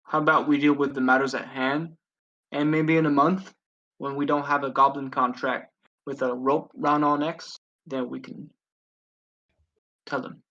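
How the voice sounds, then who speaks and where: A man's voice: mid-range voice, flat delivery, a little slow, long pauses, pushed and bright, lo-fi sound. A man playing a tabletop role-playing game, bantering in character with playful swearing and stumbling restarts. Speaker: tabletop player.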